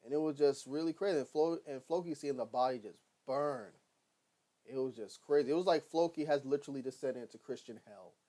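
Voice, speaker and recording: A man casually recapping a TV episode, rambling and excitable, swearing often and acting out what characters say. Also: medium pitch, a little fast. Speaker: TV episode reviewer.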